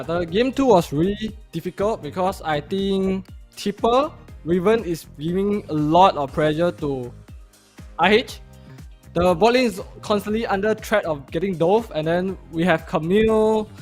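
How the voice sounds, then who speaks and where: High-voiced pro player man on a call. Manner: steady, detailed explanation, non-standard grammar. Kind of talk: post-match interview. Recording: faint music behind.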